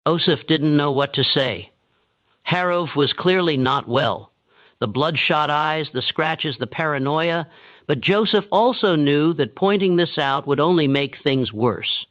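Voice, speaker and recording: A man giving steady, measured scripted narration of a dark historical story. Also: on the high side. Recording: dull, dry, lo-fi sound.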